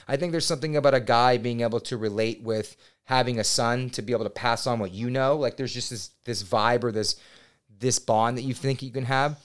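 A man in his thirties, a podcast guest, telling a personal story in a casual, animated and excitable way, swearing now and then. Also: mid-range voice, a little fast, clean tone. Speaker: podcast guest, real estate agent.

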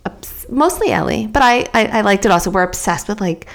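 A woman co-hosting a podcast in casual chat, an animated storyteller who acts out what people said. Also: medium pitch, a little fast, vocal fry. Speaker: podcast co-host.

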